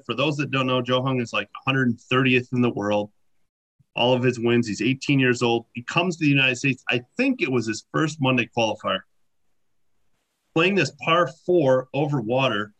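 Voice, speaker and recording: Bright-voiced man telling stories. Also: medium pitch. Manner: animated anecdotes, many fillers. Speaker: podcast guest. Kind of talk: casual storytelling.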